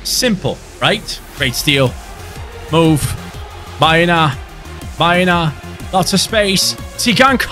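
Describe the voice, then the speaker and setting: A young man commentating his own football video game match, swinging between grumbling and excited shouting. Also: high-pitched, slow, pauses often, over music. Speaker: gaming YouTuber. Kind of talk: gameplay commentary.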